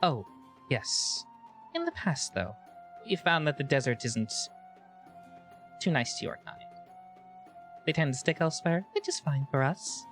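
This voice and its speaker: A man's voice: on the high side, sing-song, measured pace, pauses often, a bit bright, soft background music, voice pushed up. A man voicing a mysterious female desert guardian who speaks in a sly, mock-polite way. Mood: sly teasing.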